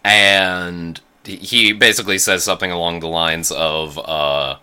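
Low, bright-toned man recapping casually. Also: fairly even intonation, a little slow, hardly any pauses, smooth. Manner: swears freely, acts out lines. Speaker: podcast co-host. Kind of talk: casual episode recap chat.

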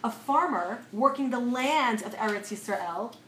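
A woman teaching a lively class lecture, telling a story and asking her students questions as she goes. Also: on the high side, unhurried. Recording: echoey room, faint noise.

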